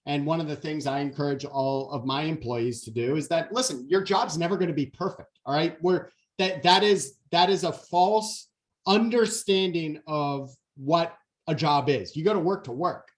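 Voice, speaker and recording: A man in his forties giving a motivational keynote talk, telling stories in an animated way and acting out the quotes. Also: fairly high pitch, fairly quick, hardly any pauses. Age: 40s. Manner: animated storyteller, acts out quotes. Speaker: keynote speaker.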